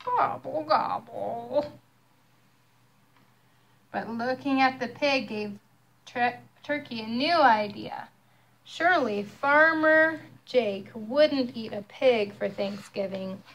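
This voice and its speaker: A young mother reading a picture book aloud to her child, expressive and storytelling. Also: a little high, slow pace.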